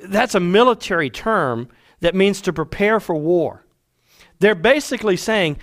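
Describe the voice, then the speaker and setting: A male pastor delivers a sermon in a high, expressive voice. He acts out quoted speech and sometimes drops to a near-whisper for emphasis. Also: a little slow. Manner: animated preaching, acting out quoted voices, dropping to hushed tones.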